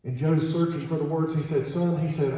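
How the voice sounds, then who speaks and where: A male pastor delivers a sermon in a church sanctuary, retelling a story with quoted dialogue in a mellow, slightly raised voice. The recording is distant and roomy, with long reverb from a large hall. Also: fairly high pitch, fairly even intonation, a little fast. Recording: echoey church hall from far off.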